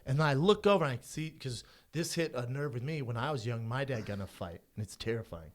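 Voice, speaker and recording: A man's voice: medium pitch, fast talker. A man in his thirties co-hosting a podcast, telling stories in casual chat, swearing and acting out what people said. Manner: animated storyteller, acts out quotes, swears a lot. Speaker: podcast co-host.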